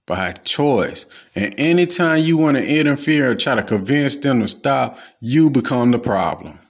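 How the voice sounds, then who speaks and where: Man, podcast host, solo rant, gravelly voice, blunt and profane. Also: mid-range voice, animated, moderate pace.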